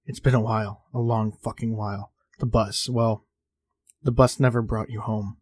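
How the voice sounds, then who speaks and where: A remorseful older brother around thirty, read by a man narrating a story, speaking quietly with a lowish voice. He swears now and then, and the sound is dry and close. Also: fairly even intonation, moderate pace, no echo, lightly acted. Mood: sad. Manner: quiet, apologetic, sometimes swearing.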